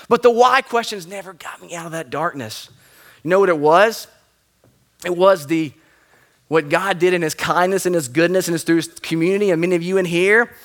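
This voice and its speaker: A man in his thirties preaching a sermon to a church congregation, animated, swinging between loud emphatic lines and hushed, quiet ones. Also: sits high. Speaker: pastor.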